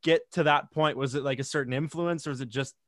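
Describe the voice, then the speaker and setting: A man interviews a band in a relaxed, enthusiastic way. His voice is a little high, and the recording is dry with no room sound. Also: fast, dry recording. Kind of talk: casual interview questions.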